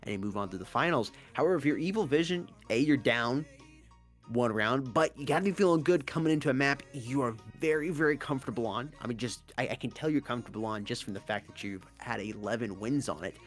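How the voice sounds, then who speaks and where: A man co-casting a mobile esports tournament, breaking down strategy in an animated, analytical way. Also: medium pitch, fast talker, faint music behind. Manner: animated, analytical, stresses key words. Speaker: esports co-caster.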